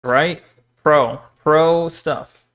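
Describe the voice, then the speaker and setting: Very slow and steady, his voice on the high side and a bit bright, a young VTuber chats casually with his viewers while going through stream chat. He jokes at his own expense, swears a lot, and laughs often.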